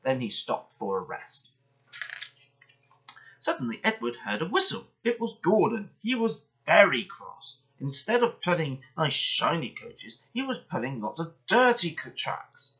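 A man's voice: on the high side, unhurried. Man reading a bedtime story, lo-fi. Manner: gentle, expressive reading. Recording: dull lo-fi sound.

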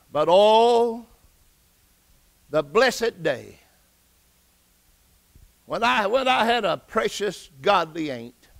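A middle-aged man preaching a sermon as pastor, telling his own testimony and rising to excited outbursts. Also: high-pitched, extremely slow, creaky, long pauses.

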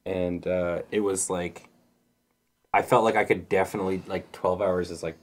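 A man's voice: low-pitched, steady tone, moderate pace. A man co-hosting a live stream in casual banter, making jokes and playful asides. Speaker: stream co-host.

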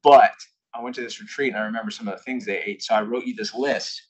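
A man's voice: fairly low pitch, steady tone, fast talker, rough recording. A young man giving an invited talk to a live audience, telling a candid personal story and now and then acting out what people said. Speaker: invited speaker. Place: corporate headquarters presentation room.

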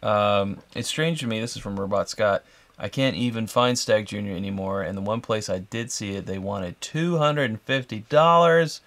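A man's voice: fairly low pitch, moderate pace, fairly bright tone. A man co-hosting a live whiskey show, chatting casually and joking with his co-host. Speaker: podcast co-host.

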